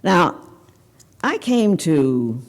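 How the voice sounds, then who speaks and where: An older woman from Evanston, Illinois, giving a commencement speech, telling a personal story in a candid, animated way. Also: lowish voice, very slow. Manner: candid, animated storyteller, talks straight to the audience. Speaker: commencement speaker. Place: banquet hall ceremony.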